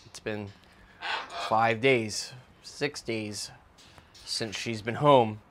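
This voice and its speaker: A man casually vlogging outdoors as he tends his birds, loose and slangy, breaking into a high cooing voice when he talks to them. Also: very slow, fairly bright tone, a little hiss or hum. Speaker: vlogger, bird keeper. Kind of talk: casual vlog chat. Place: outdoor backyard cage area.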